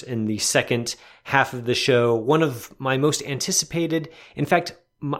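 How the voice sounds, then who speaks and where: A man hosts a film-review podcast in a measured, partly scripted way. His voice sits at an ordinary middle pitch, with an occasional small restart. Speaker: podcast host.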